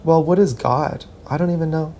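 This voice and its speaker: Man, vlogger, gravelly fry, mellow tone, rambling self-mocking monologue, restarts. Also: a little high, normal speed, slight background noise. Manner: meandering, self-mocking, thinks aloud with many restarts; talks while dancing.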